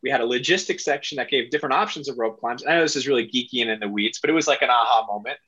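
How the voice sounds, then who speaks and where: A middle-aged man speaking as a podcast guest, rambling and excitable, with a self-deprecating manner. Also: medium pitch, rapid-fire, slightly rough, dry recording, highs cut off. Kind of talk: casual interview talk.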